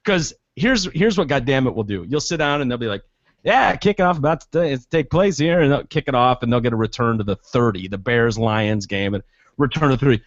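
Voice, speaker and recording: A man hosting a podcast, telling stories in a casual, profane, animated way. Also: medium pitch, brisk, dry recording, dull audio. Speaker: podcast host. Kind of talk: casual chat.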